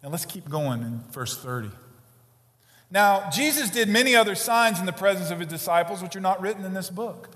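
High-voiced pastor in a reverberant hall. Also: male voice, expressive, fairly quick. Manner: preaching with rising emphatic passages and quiet earnest lulls. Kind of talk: sermon. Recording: long reverb of a large hall.

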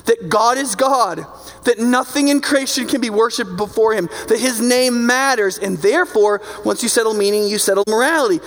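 A man with a very high, slightly bright voice preaches a sermon at normal speed, his sound filling a big room. He's conversational and emphatic, repeatedly checking in with listeners by asking "right?"

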